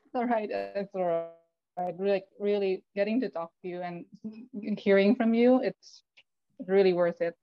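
A woman's voice: mid-range voice, moderate pace, no echo. A woman from the Philippines, a fan asking questions on a video call, talking hesitantly with many fillers. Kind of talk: casual video chat. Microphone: video call mic. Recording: dull, dry video-call audio.

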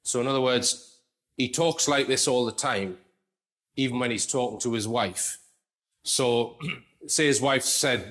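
A man talks through his commentary in a casual, conversational way at a mid pitch. He reads quotes aloud and breaks off for asides to the listener. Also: normal speed, a bit bright, a faint crowd. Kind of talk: explanatory commentary.

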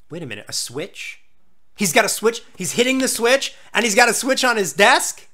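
A young man doing live reaction commentary on a game trailer, excitable and yelling in mock outrage. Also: high voice, a little slow, long pauses. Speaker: gaming YouTuber reacting to a trailer.

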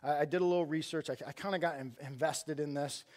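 A man's voice: on the high side, fairly even intonation, fast, darkish tone. A middle-aged man preaching a conversational sermon in a church, arguing with rhetorical questions and often restarting his sentences. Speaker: church outreach director preaching.

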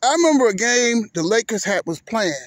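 Man, very high voice, dry close sound, heated profane rant. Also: lively intonation, a little fast, dry recording. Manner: heated, cursing, repeats words. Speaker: vlogger.

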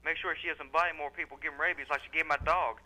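A man calls in and heckles rowdily. His voice is sharp and very bright, pitched a little high. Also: fairly even intonation, fast talker, slight background noise, rough recording. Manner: rowdy, mocking. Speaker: caller.

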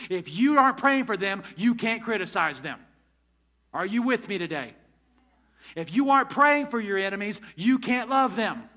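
Male pastor, high bright voice, emphatic sermon delivery in church. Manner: emphatic preaching, asks the congregation questions. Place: church sanctuary.

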